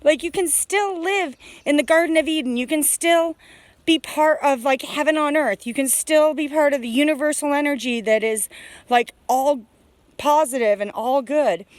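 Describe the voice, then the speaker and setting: A woman with a somewhat high voice pours out her thoughts in a rambling, heartfelt vlog, full of fillers and restarts. She sounds emotional, close to tears. The sound is dry and close, with no room echo. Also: moderate pace. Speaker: homesteader vlogger. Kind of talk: emotional personal vlog monologue. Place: outdoors on a homestead.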